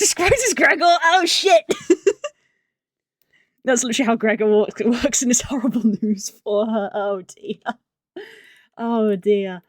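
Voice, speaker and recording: Woman, livestreamer, casual chat, excitable, rambling, dry close sound. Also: mid-range voice, no echo. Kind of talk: casual chat on a live art stream. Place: room at home.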